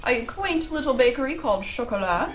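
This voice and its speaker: A woman's voice: high-pitched, animated, fairly quick. A woman co-hosting a livestream, chatting playfully with friends. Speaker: livestream co-host. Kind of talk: casual chat.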